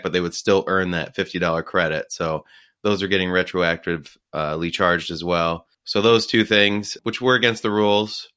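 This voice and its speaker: A man's voice: deep voice, pushed and bright, clean tone. A man co-hosting a podcast, chatting casually and giving his opinions. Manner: conversational, opinionated. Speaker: podcast co-host. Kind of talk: casual chat.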